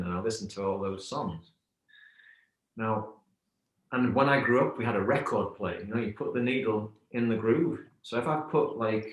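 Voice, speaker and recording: A middle-aged man talking reflectively as a podcast guest, telling stories and analogies in a thoughtful way. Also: medium pitch. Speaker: yoga teacher, podcast guest. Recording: roomy echo.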